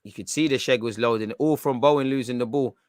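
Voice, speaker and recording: Excitable man calling a football match live. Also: mid-range voice, quick pace, dry recording, studio quality. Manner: excitable, slangy banter with bursts of shouting at big chances. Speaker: football watchalong streamer. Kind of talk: live match reaction commentary.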